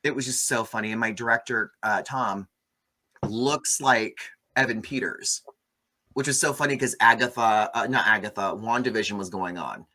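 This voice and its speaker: A man hosting a casual movie review chat, animated and gossipy, often swearing. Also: on the low side, moderate pace. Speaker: host.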